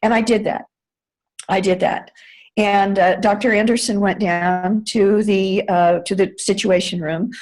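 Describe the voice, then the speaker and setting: A little slow and steady, this older woman from the United States tells an extended story during an interview, drawing on her past as a White House staffer. Her medium pitch has a slightly mellow tone, and she uses many fillers and self-corrections. Audio quality is poor.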